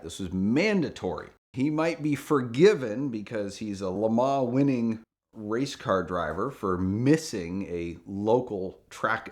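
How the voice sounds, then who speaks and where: Man, middle-aged, lowish voice, casual animated storytelling. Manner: animated, jumps up in pitch for quoted voices. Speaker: car dealer telling a story.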